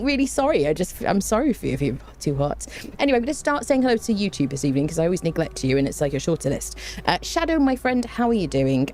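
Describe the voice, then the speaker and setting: A woman game streamer with a low, slightly mellow voice greets her chat in a rambling, playful way, tossing in fun made-up words. She's on a desk microphone in a home room with an open window, where a fan blows and a little hiss or hum is audible.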